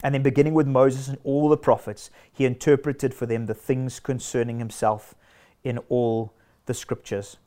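A man's voice: medium pitch, little pitch movement, normal speed, mellow. A man preaching a sermon in an earnest, emphatic way, stacking short declarations.

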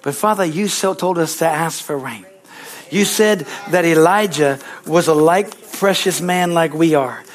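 A man's voice: a little high, unhurried. A man preaching a fervent prophetic sermon and prayer, impassioned and repetitive, often breaking into hallelujahs and speaking as if voicing God in the first person.

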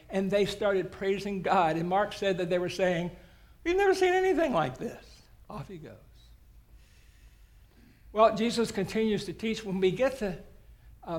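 Guest preacher, man, high-pitched voice, folksy joking storyteller. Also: darkish tone. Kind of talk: sermon.

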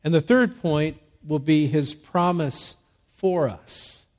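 Male pastor, sermon delivery, emphatic and measured, slightly raised pitch, nursing a cough. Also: expressive. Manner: measured, emphatic preaching with rhetorical questions. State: fighting a cough.

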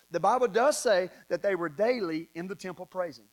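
High-voiced Southern preacher. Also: male voice, fairly quick. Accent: Southern American. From American South. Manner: animated preaching, swings between loud and soft. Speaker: pastor. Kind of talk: sermon.

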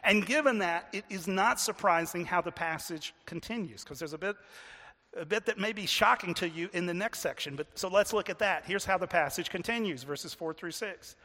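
A man preaching a sermon in earnest, often repeating words and slowing down to stress a point. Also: high voice, sharp tone, big-room sound. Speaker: pastor.

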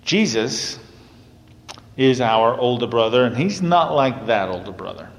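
A man's voice: medium pitch, unhurried. A male minister giving a sermon in an earnest, conversational way, now and then laughing lightly. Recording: long hall reverb.

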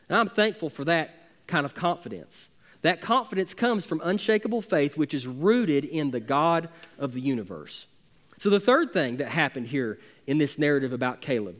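A pastor delivers a sermon in a notably high voice. He preaches emphatically, pressing his points with building force. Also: sing-song, moderate pace. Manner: emphatic preaching with rising intensity.

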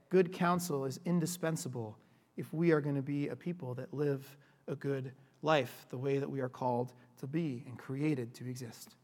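A man's voice: on the high side, darkish tone, long reverb tail. A male pastor giving a sermon in a conversational, joking way, often asking 'right?' as he teaches. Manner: conversational, repeats 'right?' and restarts, playful asides.

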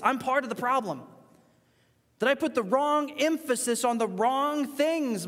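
A male pastor preaching a sermon in a church, emphatic, swinging between loud rising points and quiet asides. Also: very high-pitched, long reverb tail.

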